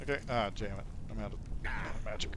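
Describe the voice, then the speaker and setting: A man livestreaming a video game, commenting excitedly, swearing and yelling at the enemies he fights. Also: fairly low pitch, quick pace. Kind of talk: live gameplay commentary. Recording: noisy stream audio.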